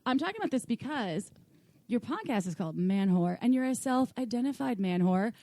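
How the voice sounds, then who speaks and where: A woman's voice: fairly high pitch, big pitch swings, brisk, mellow, no room sound. A woman co-hosting a podcast, chatting in a playful, teasing, giggly way. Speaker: podcast co-host. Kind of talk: casual chat.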